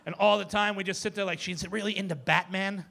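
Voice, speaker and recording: Ranting stand-up comic, high bright voice. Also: male voice, fairly even intonation, a little fast, vocal fry, a little hiss or hum. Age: 40s. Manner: loud, ranting delivery with mocking asides. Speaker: stand-up comedian. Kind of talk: stand-up comedy set. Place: comedy club stage with audience. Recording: live club recording with faint crowd.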